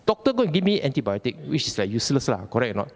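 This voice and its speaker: A man's voice: mid-range voice, big pitch swings, rapid-fire, long reverb tail. A man with a Malaysian English accent giving an informal Dhamma talk, chatty and colloquial, often repeating phrases and asking "okay?". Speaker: Buddhist Dhamma speaker. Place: temple hall.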